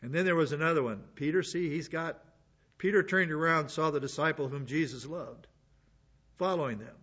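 A man's voice: on the high side, moderate pace, a bit bright, breathy edge, muffled recording. A man teaching a sermon in a conversational way, with asides between the verses he reads. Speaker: preacher.

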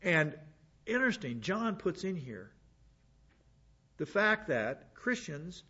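Guy preaching, talks it through casual w little asides, slightly high voice, muffled old recording. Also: very animated, slow pace, bright, forceful tone, husky. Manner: conversational Bible teaching with asides. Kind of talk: sermon.

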